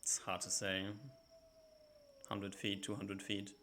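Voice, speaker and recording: A man's voice: low-pitched, completely flat delivery, takes it slowly, sharp tone, slight background noise. A man narrating as game master in a tabletop role-playing session, describing scenes loosely with many fillers. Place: home setup, live stream.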